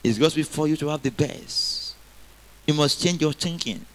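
A man's voice: fairly high pitch, normal speed. A man preaching a sermon, quoting scripture and getting the congregation to repeat lines after him.

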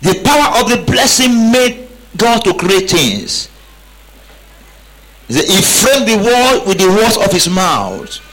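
A man's voice: high-pitched, big pitch swings, slow pace, a bit bright, rough recording. Male preacher, emphatic. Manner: emphatic preaching with call-and-response prompts. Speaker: pastor. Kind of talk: sermon.

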